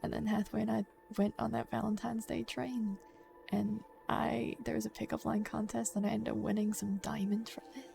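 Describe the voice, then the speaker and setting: A woman's voice: fairly high pitch, level tone, normal speed, gravelly, music in the background. A woman chatting in character during a western roleplay game, telling a rambling story.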